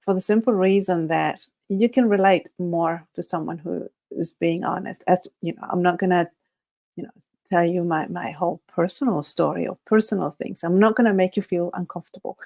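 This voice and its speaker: A woman whose first language is Spanish, hosting a casual livestream, talking in a halting, nervous way with many restarts. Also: on the low side, fairly even intonation, vocal fry, mellow. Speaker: livestream host.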